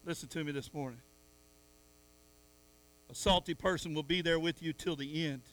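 A middle-aged man preaching a sermon in church, swinging from soft asides to loud calls at the congregation. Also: on the high side, fairly even intonation, normal speed. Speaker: pastor.

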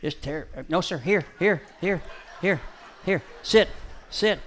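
A middle-aged man with a somewhat high voice runs a dog-training show. He snaps out quick commands, trades quips with the crowd, and turns softly preachy in between. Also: a little hiss or hum. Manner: shouts dog commands in bursts, then drops to a soft, preachy tone; jokey crowd banter.

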